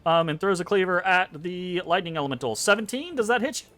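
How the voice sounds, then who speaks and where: A man's voice: sits high, fast, soft background music. A man running a tabletop game as game master, narrating animatedly with frequent ums and swearing. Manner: animated, profane, lots of ums.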